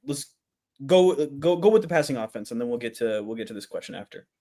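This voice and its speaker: A man's voice: mid-range voice, expressive, fast talker, mellow. Casting: man, casual sports podcast co-host, loose and rambling, mid-range voice. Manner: rambling, many restarts, laughs easily.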